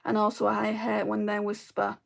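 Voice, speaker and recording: A woman's voice: mid-range voice, completely flat delivery, normal speed, vocal fry. A woman beauty vlogger chatting casually while doing her makeup, rambling with many ums. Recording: voice a bit far from the mic.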